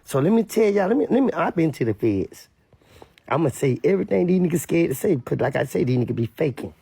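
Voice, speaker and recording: Louisiana man, blunt emphatic commentator, husky and gravelly, dry close sound. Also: on the high side, very animated, fast, mellow, no echo. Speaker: online commentator. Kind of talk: casual commentary rant.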